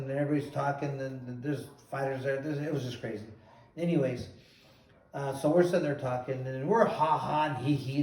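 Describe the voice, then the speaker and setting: A man hosting a show and telling a long story in an animated, casual way, often repeating "he goes". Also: mid-range voice. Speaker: host, former boxer. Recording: roomy echo, distant mic.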